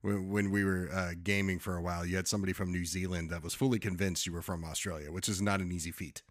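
A man's voice: sits low, flat delivery, fast talker. A man co-hosting a podcast, telling a story in casual chat and acting out the voices of people he quotes. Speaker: podcast co-host.

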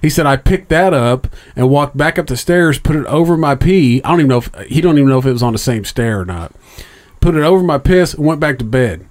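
A man's voice: fairly high pitch, quick pace. Profane, rambling middle-aged man telling a story. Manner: profane, rambling, animated when quoting others. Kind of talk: casual storytelling chat.

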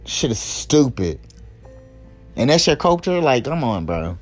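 A man's voice: mid-range voice, big pitch swings, a little slow, a little mellow, soft background music. A young man hosting a podcast, ranting in an angry, exasperated and profane way. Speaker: podcast host. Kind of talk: angry commentary rant.

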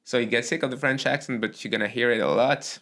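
A man whose first language is Arabic hosts a casual conversation, speaking English haltingly and often searching for words. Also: mid-range voice, fairly bright tone. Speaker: podcast host.

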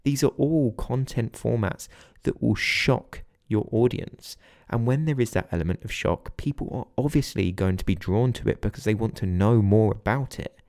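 A man hosting a solo podcast, speaking in an earnest, instructive way with a steady delivery. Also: on the low side, moderate pace, creaky, dry recording, studio quality. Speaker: podcast host.

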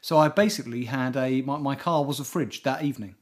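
A man co-hosting a comedy podcast, talking in a quick, animated, jokey way. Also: medium pitch. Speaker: podcast co-host. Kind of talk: casual comedic chat.

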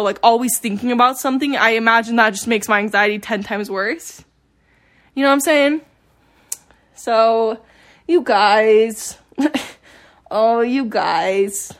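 A woman's voice: a little high, a bit bright. Chatty rambling teenage girl vlogger. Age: late teens. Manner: rambling, chatty, self-deprecating, filler-heavy. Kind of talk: casual confessional chat. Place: home with dogs. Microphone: phone.

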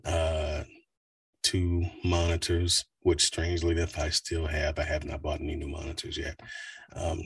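Brief: man, voice actor in a casual interview, low husky voice, laid-back storyteller. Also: a little slow, no room sound, distant mic. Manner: relaxed, rambling storyteller with fillers. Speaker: voice actor guest.

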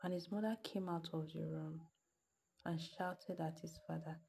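A woman's voice: deep voice, steady tone, measured pace, gravelly, darkish tone, slightly rough. A woman telling a moral story, then earnestly questioning her listeners like a preacher. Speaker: podcast host. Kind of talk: storytelling and motivational address.

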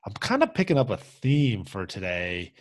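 A man co-hosting a podcast, teaching history in a relaxed, rambling way with lots of fillers, on a close mic. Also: lowish voice, moderate pace, no room sound. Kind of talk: casual podcast chat.

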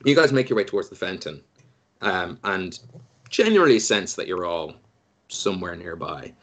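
A man's voice: deep voice, big pitch swings, normal speed, fairly bright tone. A man running a tabletop game as game master, describing the scene in a loose, descriptive way.

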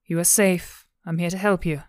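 A woman voicing a calm, patient woman officer who questions a prisoner with gentle, coaxing questions in an audiobook. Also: lowish voice, normal speed, no room sound, studio quality, close to an everyday voice.

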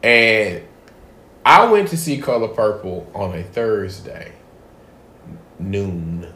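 A man hosting a casual podcast, telling a profane story with animated swings between loud bits and hushed asides. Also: lowish voice, takes it slowly. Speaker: podcast host. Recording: echoey room.

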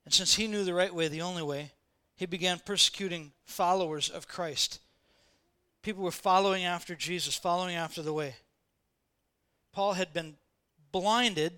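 A man's voice: high-pitched, moderate pace, pushed and bright, clean tone. A man preaching a sermon in a conversational way, repeating phrases for emphasis and acting out quoted voices. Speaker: pastor.

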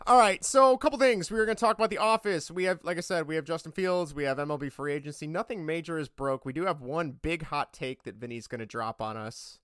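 Bright, clear-voiced chatty podcast host. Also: male voice, a little high, no echo, clean studio sound. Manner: chatty, rambling, quick to laugh. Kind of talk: casual sports podcast chat.

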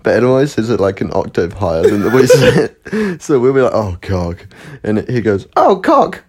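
A man co-hosting a podcast. His voice sits low but swings widely in pitch as he tells stories, laughing a lot and swearing without care. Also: lively intonation, quick pace, darkish tone. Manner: laughs often, storytelling, swears freely. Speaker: podcast co-host. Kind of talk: casual podcast chat.

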